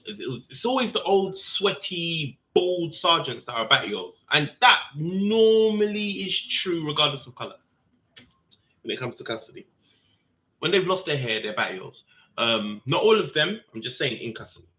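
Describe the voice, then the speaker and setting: Animated man, very bright tone. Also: moderate pace. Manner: animated, acts out quotes with raised pitch. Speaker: serving police officer telling a story. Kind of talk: casual storytelling monologue. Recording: dull lo-fi sound.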